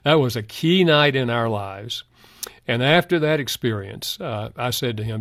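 A man's voice: mid-range voice, lively intonation, normal speed, a bit bright, no room sound, clean studio sound. An older man, a guest counselor in a Christian radio interview, telling stories in an earnest way. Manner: earnest storytelling.

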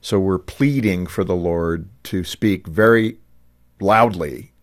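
A man with a very low, deep voice hosts a faith-based radio interview. He talks earnestly and thoughtfully, with small restarts as he shapes his questions. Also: slow pace. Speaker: radio show host.

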